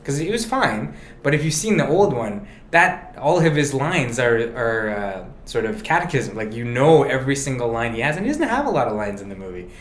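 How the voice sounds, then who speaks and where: A man chatting casually as a guest, rambling eagerly about movies with quick laughs. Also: mid-range voice, sing-song, a little hiss or hum. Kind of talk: casual chat. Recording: roomy echo.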